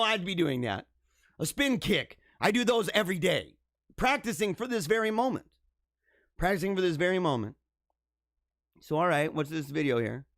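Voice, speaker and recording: A young man hosting a livestream, reacting to news stories with animated, mock-outraged rants and bursts of laughter. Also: high voice, dry recording, studio quality. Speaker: livestream host. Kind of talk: casual livestream commentary.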